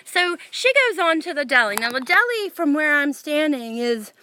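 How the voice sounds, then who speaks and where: Casual vlogger, woman, bright and high, rambling and animated. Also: moderate pace, a little hiss or hum. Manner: excited, animated, rambling with many fillers. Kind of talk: casual storytelling to camera. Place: outdoors near her house.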